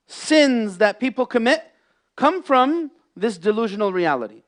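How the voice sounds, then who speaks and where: In a mosque prayer hall, an imam with a fairly high voice and lively intonation delivers a Friday sermon at an unhurried pace. Impassioned, he builds to loud, emphatic peaks, then drops to hushed, quiet lines. He often mixes Arabic phrases into his English.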